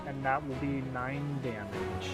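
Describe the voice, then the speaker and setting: A man's voice: mid-range voice, a little slow, music in the background. A man playing a tabletop game, talking hesitantly and laughing with the group. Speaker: player.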